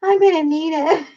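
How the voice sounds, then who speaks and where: A woman hosting a casual live stream, reading viewer comments and laughing helplessly. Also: sits high. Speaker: livestream host. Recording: dull lo-fi stream audio.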